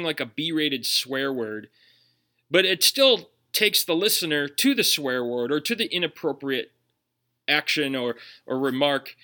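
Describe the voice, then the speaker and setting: A man's voice: a little high, sharp tone. A man with a Minnesotan accent, preaching a sermon earnestly, with emphatic rhetorical questions. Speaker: pastor.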